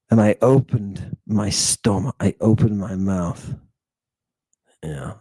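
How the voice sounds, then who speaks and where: A man's voice: lowish voice, slow pace, dark tone, slightly rough, no room sound. A man giving an impassioned lecture on ancient texts. He talks emphatically, repeats his phrases and keeps checking with "right?".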